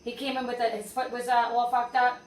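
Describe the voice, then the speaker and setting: A woman's voice: on the high side, fairly quick. A woman hosting a casual podcast, telling stories with energy and swearing freely. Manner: lively storyteller, swears freely. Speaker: podcast host and interviewer. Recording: roomy and distant with faint background noise.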